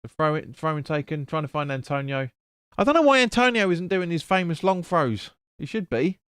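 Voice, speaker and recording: A man's voice: a little high, very animated, fairly quick, a bit bright, clean tone, no echo, studio quality. A man hosting a live football watch-along, chatting casually, swearing and stumbling over player names. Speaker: fan stream host.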